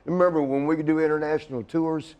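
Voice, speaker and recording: A man's voice: a little high, fairly even intonation, fast, darkish tone, clean tone, highs cut off. Man, middle-aged, studio interview guest, rambling, restarting sentences. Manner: rambling, restarts often, laughs at his own jokes. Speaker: interview guest, retired wrestler. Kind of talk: casual shoot interview.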